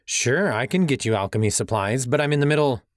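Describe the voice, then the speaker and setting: A man's voice: mid-range voice, expressive, brisk, dry recording, studio quality, voice pushed up, close to an everyday voice. A man voicing a sly, nervous young male student who deals on the side, with a nasal, smug and evasive voice.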